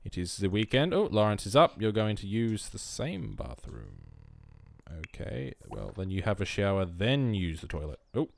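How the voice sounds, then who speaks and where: This young commentator has a lowish, gravelly voice with big pitch swings, talking at a normal speed. His casual let's-play of a life-sim game is chatty and self-mocking, and he often speaks to his characters.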